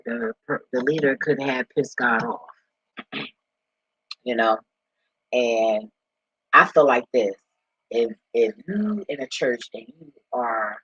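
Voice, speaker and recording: A man's voice: mid-range voice, fairly bright tone, slightly rough, dry recording, lo-fi sound. A man ranting casually and profanely about church leaders, laughing and swearing freely. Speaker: commentator.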